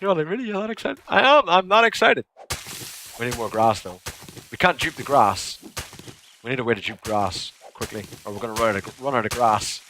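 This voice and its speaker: A young man giving casual live commentary while he plays a game, excitable and laughing often as he chats to viewers. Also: medium pitch, moderate pace, a little hiss or hum. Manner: excitable, giggly, chatting to viewers. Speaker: gaming streamer.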